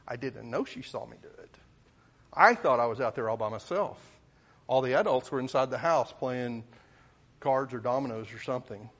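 A man tells a childhood story in the middle of a sermon. His pitch sits in the middle of a man's range, and he talks in a folksy, rambling way, restarting and correcting himself as he goes. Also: moderate pace, fairly bright tone. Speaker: preacher.

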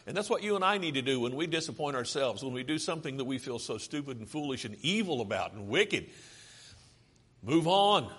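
A man's voice: mid-range voice, expressive, a little fast, a bit bright, breathy edge. A man preaching a sermon, earnest and pleading, asking his listeners rhetorical questions.

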